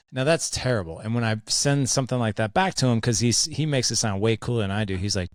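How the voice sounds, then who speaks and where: A man's voice: mid-range voice, fast talker, hardly any pauses, no echo, clean studio sound. A man hosting a podcast interview, joking and chatty with plenty of fillers. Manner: jokey, energetic, many fillers. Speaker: podcast host. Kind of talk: casual interview chat.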